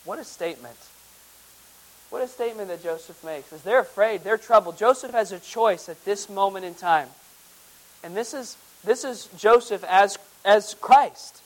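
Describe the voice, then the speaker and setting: A man preaching a verse-by-verse Bible sermon. He reads scripture aloud in old formal wording, then explains it, dropping to hushed tones and rising to loud emphasis. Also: high voice, moderate pace, low-quality recording. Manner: dramatic, swinging from loud emphasis to hushed near-whispers.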